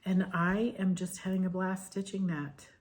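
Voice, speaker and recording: Rambly woman chatting about her cross stitch, lowish voice, goes off on tangents. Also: little pitch movement, normal speed, a little mellow. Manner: chatty, digressive storyteller. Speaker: flosstube co-host. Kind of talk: casual stitching chat.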